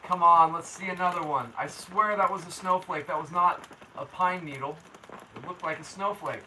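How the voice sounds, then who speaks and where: A man with a high, very bright voice hosts a casual livestream from home. He talks to his viewers in a laid-back, slangy way and reads their comments aloud. The mic sits a little away from him, and faint noise runs underneath. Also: moderate pace, distant mic, low-quality recording. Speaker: local weather livestream host. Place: indoors at home.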